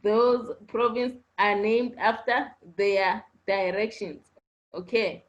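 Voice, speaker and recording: Slow, patient woman teacher. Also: medium pitch, dull audio. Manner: patient, repeats points, checks answers with "okay?". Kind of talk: online class lesson. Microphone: online video class audio.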